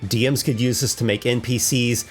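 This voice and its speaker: Guy running a d&d monster fight, excited, mid-pitch voice, soft guitar behind him. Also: normal speed. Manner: enthusiastic, thinks aloud over dice rolls. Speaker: host running a monster battle. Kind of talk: narrating a tabletop combat simulation.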